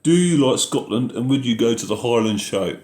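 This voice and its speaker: A man's voice: medium pitch, lively intonation, moderate pace, darkish tone, echoey room. A man hosting a casual live question-and-answer chat about farming, reading out viewer messages and answering them in an easygoing way.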